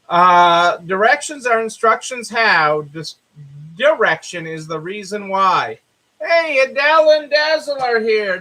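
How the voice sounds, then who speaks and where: A man's voice: very high-pitched, animated, slow pace, pushed and bright, low-quality recording. A man hosting a casual live stream for store owners, who greets viewers by name and repeats his phrases. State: hiccups. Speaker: livestream host for store owners.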